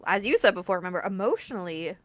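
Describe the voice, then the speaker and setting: A woman in her thirties hosting a casual talk, animated, laughing often and acting out quoted lines. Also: mid-range voice, fast, no room sound. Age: 30s. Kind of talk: casual conversational chat.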